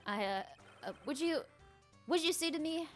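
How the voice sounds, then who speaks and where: A woman playing a nervous young male lawyer who stumbles over his words. He sounds unsure and hesitant. Quiet music sits under the reading. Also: sits high, expressive, moderate pace, pitched above the performer's own voice. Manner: stammering, unsure.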